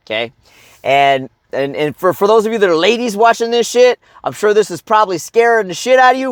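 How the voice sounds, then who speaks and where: A man's voice: sits high, no room sound, clean studio sound. Blunt, profane male coach. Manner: blunt and heavily profane, keeps asking "okay?" and "right?". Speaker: life coach. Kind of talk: motivational advice talk.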